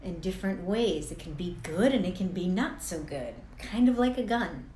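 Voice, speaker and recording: A woman's voice: on the low side, animated, moderate pace, a little mellow, a little hiss or hum. A young woman coaching to camera, chatty and blunt, swearing freely and laughing at herself. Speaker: life coach. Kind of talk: casual talk to camera. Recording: roomy echo.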